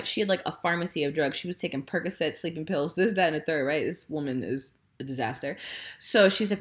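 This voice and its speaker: A woman's voice: lowish voice, brisk. A young woman casually chatting as a podcast co-host, telling a story animatedly and swearing freely. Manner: storytelling, profane, animated when retelling. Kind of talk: casual chat.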